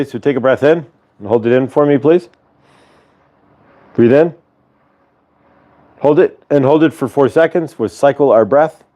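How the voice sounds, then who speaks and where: A man with a slightly high voice and a darkish tone hosts a spiritual morning livestream. Working from home on a clip-on lapel mic, he chats in a loose, rambling way full of fillers and guides his audience through breathing.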